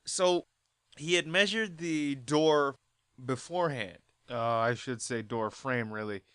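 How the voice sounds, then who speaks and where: A vlogger telling a story as an exasperated rant, repeating points and bursting into loud outbursts. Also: mid-range voice, slow pace, smooth, dry recording, studio quality.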